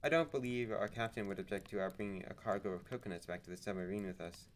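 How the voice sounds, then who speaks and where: A boisterous, excitable harpooner from a storybook, read by a man. He blurts out his words with a hungry man's eagerness over a faint background hiss. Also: on the low side, fast, lightly acted. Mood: excited. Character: brash hungry Canadian harpooner, grown man.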